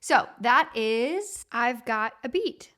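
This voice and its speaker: A woman's voice: on the high side, expressive, takes it slowly, a bit bright. A woman, a music therapist and podcast host, explaining steps plainly with a few fillers and singing simple call-and-response demos. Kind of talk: teaching podcast with sung demonstrations.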